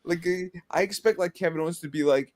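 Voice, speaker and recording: A man co-hosting a casual wrestling chat, excitable and tripping over his words as he retells stories. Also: high-pitched, fast talker. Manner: excitable, stammering restarts, laughs at own stories. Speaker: podcast co-host.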